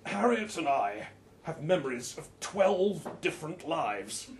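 A man's voice: a little high, sing-song, a little slow, a little hiss or hum. A man reading a story aloud and voicing an odd, contrary man who speaks abruptly and earnestly.

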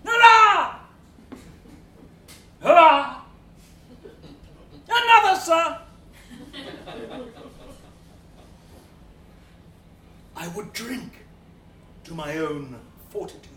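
A man playing a drunken Georgian gentleman. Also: a little high, slight background noise, heavily acted. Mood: boisterous. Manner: theatrical, swinging between bluster and hushed brooding. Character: drunken middle-aged Georgian gentleman, boastful and remorseful. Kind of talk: dramatic monologue. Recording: roomy, distant mic.

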